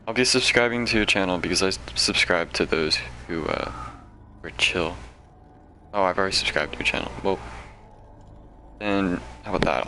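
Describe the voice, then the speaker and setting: Deep-voiced rambling male game streamer. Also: noisy background. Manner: rambling, chatty, self-deprecating. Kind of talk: casual gameplay commentary and storytelling.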